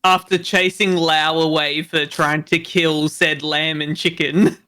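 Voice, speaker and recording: Woman tabletop player, very low voice, dry questions. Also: level tone, measured pace, sharp tone. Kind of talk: tabletop game chat.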